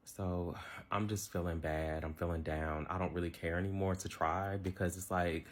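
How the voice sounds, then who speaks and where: A man's voice: low-pitched, steady tone, normal speed. A man in his twenties ranting to his phone camera, frustrated and rambling, full of fillers. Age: 20s. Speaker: social media ranter. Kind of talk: casual rant to camera.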